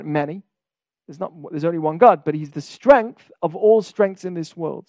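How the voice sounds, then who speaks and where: A man's voice: high voice, darkish tone, no echo, studio quality. A man teaching a weekly Torah class on a podcast. He often puts questions to his listeners and leans hard on key words.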